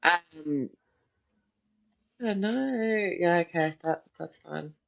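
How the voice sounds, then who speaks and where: A podcast co-host, chatting in a relaxed way and explaining things patiently. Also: medium pitch, slow pace, creaky. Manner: relaxed, explanatory, laughs along. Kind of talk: casual chat. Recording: dull lo-fi audio.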